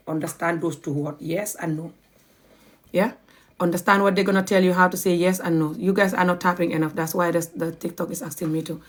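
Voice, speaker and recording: A woman with a Gambian accent teaching a language lesson on a live stream, acting out little dialogues and spelling words slowly. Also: low voice.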